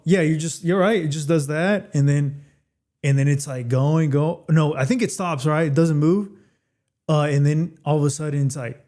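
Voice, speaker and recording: A man teaching English phrasal verbs in a casual video lesson, chatty and repeating phrases slowly for learners. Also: medium pitch, mellow.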